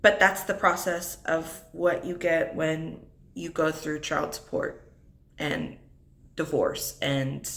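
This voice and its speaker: A young single mother reflects on her divorce in an unscripted vlog story, tearful and struggling not to cry. Her voice sits low with a slightly bright quality, and she speaks at a slow pace.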